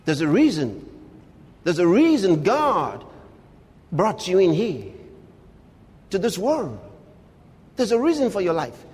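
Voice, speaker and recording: Male preacher, husky high voice, long hall echo. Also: huge pitch swings, takes it slowly, pauses often. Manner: emphatic, preaching with sharp swings in pitch and loudness. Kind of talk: sermon.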